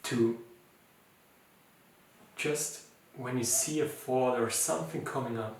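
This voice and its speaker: A man with a non-native English accent, leading a mindfulness challenge as its teacher in an informal, gentle talk full of fillers and restarts. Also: mid-range voice, takes it slowly, vocal fry. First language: not English. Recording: echoey room, voice from far off.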